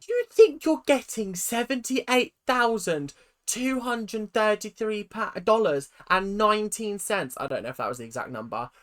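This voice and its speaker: A woman with a British accent hosting a reaction video, ranting in an animated, sarcastic and exasperated way. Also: mid-range voice, moderate pace.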